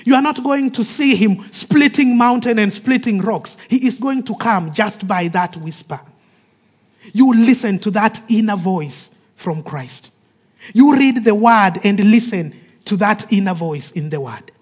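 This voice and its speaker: A man preaching a sermon with emphatic delivery that drops to soft, hushed phrases, acting out the voices of the people in his stories. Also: high-pitched, expressive, a little slow, breathy edge. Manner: acts out quoted speech of the people in his stories.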